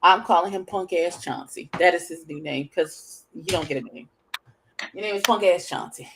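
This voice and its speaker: A woman co-hosting a casual chat show, blunt and animated, swearing freely and jumping into loud, high outbursts. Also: normal speed, background noise. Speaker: podcast co-host.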